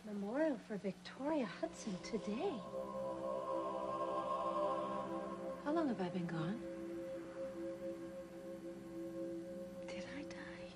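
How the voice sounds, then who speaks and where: An actress playing a woman's invisible spirit who talks in a hushed, wondering whisper, over soap opera score music. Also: mid-range voice, sing-song, fairly quick, lightly acted. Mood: anxious. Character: woman's spirit, invisible, back home, awed. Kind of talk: daytime soap acting.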